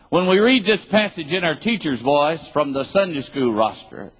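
Husky-voiced preacher in a big hall. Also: male voice, on the high side, fairly bright tone. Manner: emphatic and repetitive, drilling key words home. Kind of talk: sermon. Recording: live sermon in a reverberant hall.

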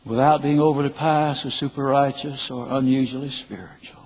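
A man's voice: mid-range voice, fairly even intonation, normal speed, a little mellow, slightly rough. An older man preaching a sermon, telling a joking personal story in an emphatic, folksy way. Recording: dull lo-fi recording.

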